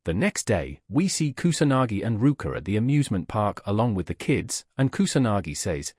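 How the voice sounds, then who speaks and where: A man's voice: on the low side, sing-song, a little fast, hardly any pauses, a little mellow, husky, no echo, clean studio sound. A man narrating a comic recap in a scripted way, reading every part in one plain voice. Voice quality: reads all parts in one plain voice.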